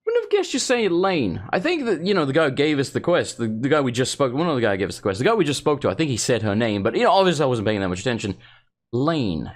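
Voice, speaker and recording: A man's voice: medium pitch, fast. A man from England hosting a let's play, giving casual, rambling commentary full of swearing and side rants. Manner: rambling, swearing, animated asides.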